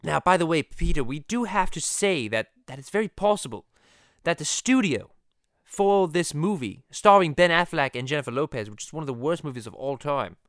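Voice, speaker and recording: A man with a Boston accent rambles through a comedy podcast, swinging his pitch up and down with excitable, crude asides. His voice is bright and clean, slightly higher than most men's. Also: normal speed, dry recording, studio quality.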